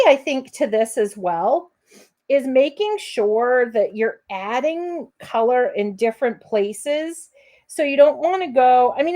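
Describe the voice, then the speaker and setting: A woman hosting a live crafting demo in an unhurried, chatty way. Her voice sits slightly high, and she keeps encouraging viewers as her friends. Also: a little mellow. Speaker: crafting host.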